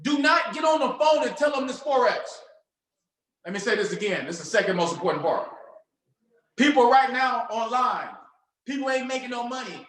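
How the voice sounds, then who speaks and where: High-pitched, fired-up man in an echoey room. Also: expressive, fairly quick. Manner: loud, preachy, acts out phone calls. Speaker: sales trainer speaking to a team. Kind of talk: hyped motivational seminar talk.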